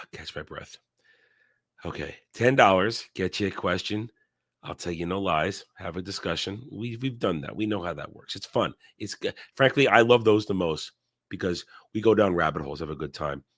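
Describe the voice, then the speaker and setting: A man's voice: deep voice, moderate pace, a bit bright, no echo, studio quality. Sick-sounding man hosting a stream. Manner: rambling, with restarts and coughing. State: sick, strained voice. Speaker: host. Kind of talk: casual live-stream chat.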